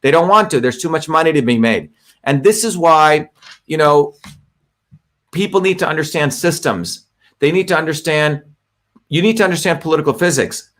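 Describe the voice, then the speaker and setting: A middle-aged man hosts a livestream in a fairly high voice. He talks emphatically and combatively, hammering the same points again and again and swearing when he gets worked up. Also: normal speed, a bit bright. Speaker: host of a live online show. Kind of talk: live-stream monologue.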